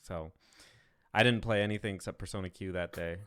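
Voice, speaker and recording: A man's voice: low voice, steady tone, a little fast, a bit bright, smooth. A man co-hosting a live video game podcast, chatting casually and joking about his week. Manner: easygoing, joking. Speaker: podcast co-host. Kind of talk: casual chat.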